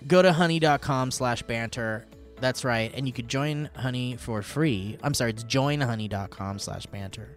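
A man's voice: medium pitch, moderate pace, soft background music. A young man hosting a podcast, reading sponsor ads in a jokey, rambling way. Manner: jokey, playful, rambling ad reads. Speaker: podcast host. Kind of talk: goofy ad reads on a podcast.

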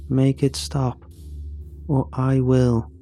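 A man voicing a creepy puppet-like creature that speaks through a talking machine, slow and menacing. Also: medium pitch, soft background music, pitched above the performer's own voice. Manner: slow, flat mechanical delivery.

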